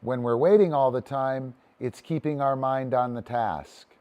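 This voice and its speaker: A man's voice: medium pitch, unhurried, darkish tone. A man teaching a casual online disc dog training session, talky and loose, breaking into cheery cues to his dog.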